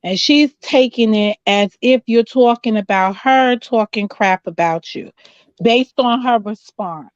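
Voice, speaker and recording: Woman guest talking slow n calm, dry muffled sound. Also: fairly high pitch, smooth, no echo. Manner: slow, measured, explaining. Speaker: guest on a live panel. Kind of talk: calm panel discussion.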